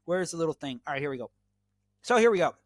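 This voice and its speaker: A man's voice: fairly high pitch, sing-song, fast, dry recording. An American man hosting his own channel, giving an emphatic, repetitive solo monologue that lectures the viewer. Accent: American English. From United States. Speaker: channel host.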